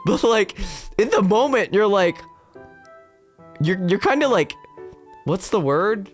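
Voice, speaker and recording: A young man chatting on his stream, his pitch jumping all over as he rambles through stories full of fillers. Faint music plays behind him. He talks straight into a desk mic at home. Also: big pitch swings, takes it slowly. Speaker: VTuber streamer. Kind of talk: casual chat stream.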